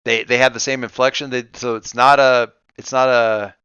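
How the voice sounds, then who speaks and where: A man running a tabletop game, thinking aloud with many halting restarts. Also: mid-range voice, flat delivery, bright, forceful tone, clean tone, dry recording, dull audio. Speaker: game master.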